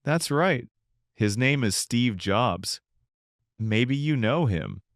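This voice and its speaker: A man co-hosting an English-learning podcast, calmly explaining simple words in a scripted dialogue. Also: mid-range voice, slow, no room sound, clean studio sound. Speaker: podcast co-host.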